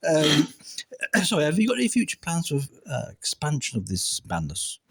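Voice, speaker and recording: Casting: husky-voiced man, lively pitch, earnest hesitant interviewer. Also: moderate pace. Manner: earnest questioning with hesitant fillers. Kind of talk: mock-serious interview.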